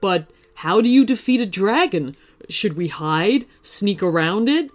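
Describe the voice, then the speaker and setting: Woman as a worried but brave young warrior, lively pitch. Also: measured pace, soft background music, lightly acted. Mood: earnest. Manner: earnest, slightly worried.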